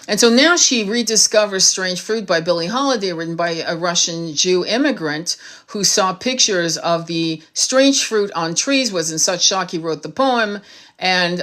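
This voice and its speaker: A woman's voice: lowish voice, fairly bright tone. Woman, tarot reader, impassioned monologue, blunt, heated, swears freely.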